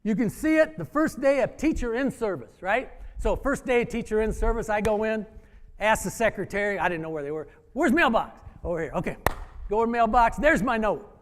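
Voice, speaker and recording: A former wrestling coach telling a story to an audience, acting out the dialogue in an animated way. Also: male voice, sits high, fairly quick. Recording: hall reverb.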